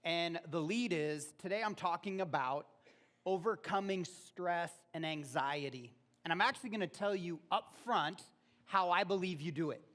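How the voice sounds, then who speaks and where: Pastor guy with a high voice, chatty sermon, gets loud on the bible verses. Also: moderate pace. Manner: conversational preaching, rises loud on quoted verses. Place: church auditorium.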